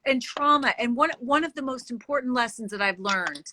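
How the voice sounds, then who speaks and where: A woman speaking as a guest in an interview, talking in an earnest, measured way. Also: on the high side, sharp tone, slight background noise. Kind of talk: interview conversation.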